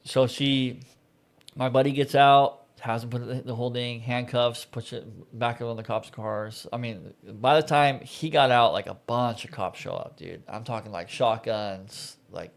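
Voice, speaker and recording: A man's voice: mid-range voice, fairly even intonation, measured pace, creaky. A man co-hosting a podcast, telling a personal story in casual chat with lots of "dude" and "like". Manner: storytelling, heavy use of "dude" and "like". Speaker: podcast co-host.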